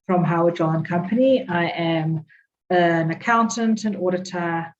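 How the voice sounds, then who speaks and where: A woman's voice: fairly low pitch, measured pace, a little hiss or hum. A woman accountant sharing a heartfelt message in a casual online chat. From South Africa. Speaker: accountant and guest. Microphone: video call. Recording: dull lo-fi sound.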